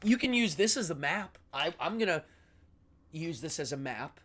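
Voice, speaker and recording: A man's voice: a little high, big pitch swings, moderate pace, fairly bright tone, a little hiss or hum. Rambling, enthusiastic English-accented man. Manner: rambling and enthusiastic, many ums. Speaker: livestream host. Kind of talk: casual philosophical monologue.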